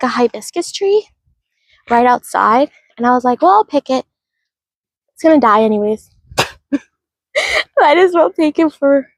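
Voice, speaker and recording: A chatty woman livestreams while strolling through a park, greeting her viewers by name. Her voice sits a little high and breathy, with bouncy, animated pitch, captured dry and close on a handheld phone. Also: no echo, low-quality recording. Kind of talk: casual livestream chat. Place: outdoors in a park, walking.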